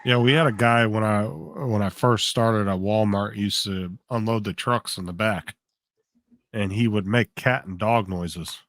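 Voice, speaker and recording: A man's voice: on the low side, a little slow, fairly bright tone. A man talking in a casual chat, rambling and curious, often repeating words as he works out what he wants to say. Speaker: co-host on a live stream.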